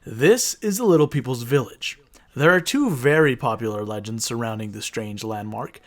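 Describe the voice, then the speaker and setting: A man's voice: mid-range voice, normal speed. Casual male podcast co-host, swearing. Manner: reads from notes, then riffs with swearing and laughs. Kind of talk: casual chat and reading stories.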